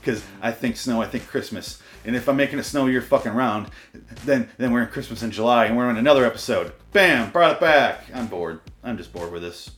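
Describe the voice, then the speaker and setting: A man's voice: mid-range voice, expressive, fairly quick, fairly bright tone. A man hosting a comedy show, ranting and swearing in mock exasperation, his voice worn out. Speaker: podcast host. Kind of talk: profane comedic rant.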